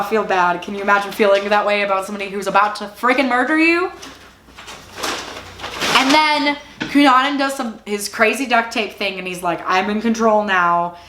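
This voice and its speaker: A woman talks through a TV series in a loose, chatty recap. Her speech is full of "like," and she is openly invested. Her voice sits at an ordinary middle pitch and carries a roomy echo. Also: a bit bright. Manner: emotionally invested, exclaiming. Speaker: TV show reviewer. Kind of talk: casual recap and review.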